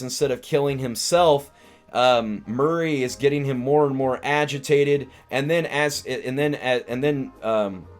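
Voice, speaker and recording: Rambling man recapping a film. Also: mid-range voice. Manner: rambling, many restarts and "like" fillers. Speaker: live-stream host, comedian.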